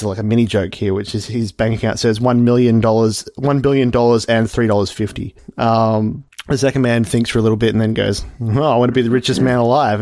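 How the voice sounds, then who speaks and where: A man's voice: mid-range voice, darkish tone, dry recording, clean studio sound. A young man co-hosting a comedy podcast, telling a long joke in a rambling, giggly way with lots of fillers and asides. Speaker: podcast co-host. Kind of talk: casual comedic chat, retelling a joke.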